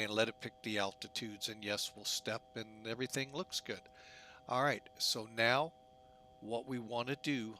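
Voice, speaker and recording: A man's voice: mid-range voice, bright, forceful tone, a little hiss or hum. A man giving casual, jokey commentary while setting up a flight simulator, often poking fun at himself. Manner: chatty, jokey, self-mocking.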